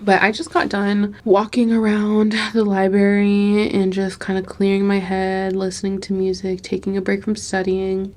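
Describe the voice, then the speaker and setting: A woman's voice: medium pitch, gravelly, darkish tone. A young woman, a nursing student, talking candidly to her camera in a library, tired and burnt out, venting and swearing often. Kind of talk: casual vlog talk to camera. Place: indoors in a library.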